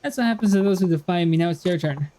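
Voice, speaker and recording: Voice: mid-range voice, fast, warm tone, slight background noise, lightly acted. A streamer voicing a sneering male bully. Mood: taunting. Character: cruel swaggering male bully thug. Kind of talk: reading game dialogue aloud.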